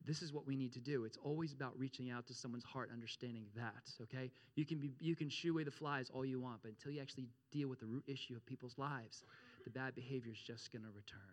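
A man preaching a sermon as pastor, animated, repeating phrases and checking in with his congregation. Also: fast talker. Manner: animated, addresses congregation with frequent check-ins; repeats phrases, rises in pitch and volume for emphasis.

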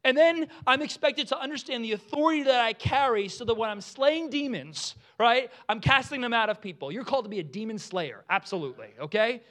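Animated preacher man. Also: extremely high pitch, fairly quick, few pauses. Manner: animated, acts out quotes with voices, laughs often. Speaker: pastor. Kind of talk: sermon.

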